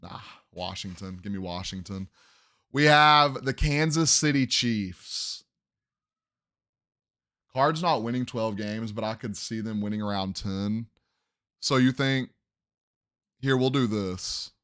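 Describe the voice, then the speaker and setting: Here the young man's voice sits on the low side and moves at an unhurried pace. Hosting his sports podcast, he runs casually through game picks and keeps reconsidering them aloud, all in a clean, dry studio recording.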